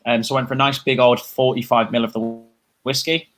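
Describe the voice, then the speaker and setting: A man's voice: mid-range voice, level tone, a little fast, fairly bright tone. Easygoing cocktail man, full of "like"s. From United Kingdom. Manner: easygoing, enthusiastic, filler-heavy with "like". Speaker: bartender and co-host. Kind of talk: casual live tasting chat.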